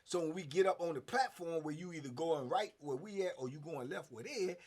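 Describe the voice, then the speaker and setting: A man in his fifties telling a story casually, animated, with punchy sound effects and frequent fillers. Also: a little high, fairly quick. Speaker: host.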